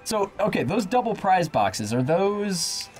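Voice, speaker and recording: A man co-hosting a casual let's-play, swinging between storytelling and loud, excited outbursts at the game. His voice swoops widely and sits a little high for a man. Faint game music plays underneath. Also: a little slow. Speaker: gaming channel co-host.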